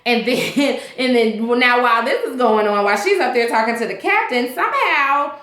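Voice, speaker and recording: A chatty woman vlog host recaps a TV episode in a loose, rambling way, full of ums and restarts. Her voice is bright and sits a little high. The sound comes from a roomy, echoey space. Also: expressive, moderate pace. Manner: chatty, rambling, many fillers. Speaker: TV show reviewer, vlog host.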